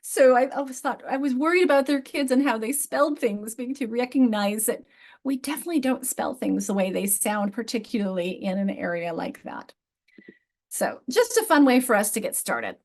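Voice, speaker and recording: A woman with a New York accent leads an online class over a video call. Her voice sits a little high, and her talk is friendly and chatty, with frequent restarts. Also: animated, normal speed. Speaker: literacy instructor. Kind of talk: online teaching session.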